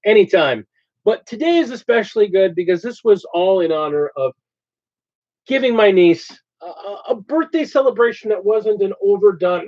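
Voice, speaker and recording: A man's voice: high voice, lively intonation, moderate pace, darkish tone, no room sound, dull audio. A man hosting a casual home stream, chatting with friends, laughing often and restarting his sentences. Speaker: stream host. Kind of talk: casual chat.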